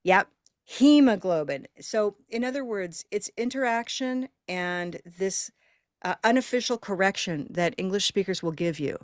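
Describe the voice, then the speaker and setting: A woman's voice: medium pitch, normal speed, no room sound, clean studio sound. A woman hosting a live online pronunciation class, talking in an upbeat, encouraging and chatty way through a computer microphone.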